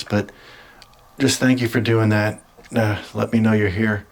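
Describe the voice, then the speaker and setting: A man filming alone inside a house for a paranormal video diary, nervously calling out to spirits and often dropping to a hushed whisper. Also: lowish voice, flat delivery, unhurried, vocal fry, poor audio. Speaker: paranormal vlogger. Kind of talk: solo ghost-hunting video diary.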